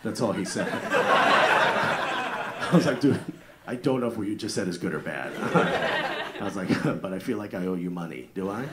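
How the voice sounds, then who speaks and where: A man's voice: lowish voice, expressive, normal speed, pauses often, very noisy. A man in his thirties with a New Jersey accent, doing a brash, profane stand-up set and riffing with the crowd in a live comedy club. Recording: live club audio with loud crowd laughter. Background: crowd laughing.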